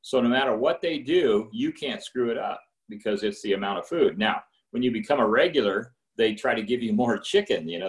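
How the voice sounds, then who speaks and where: A middle-aged man with a fairly low voice shares his own story at a recovery meeting. He talks candidly and loosely, looping back and restarting his sentences as he goes. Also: animated, brisk, few pauses. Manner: candid and rambling, with restarts, acting out phone calls in higher voices. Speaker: speaker sharing at a recovery meeting. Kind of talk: personal testimony.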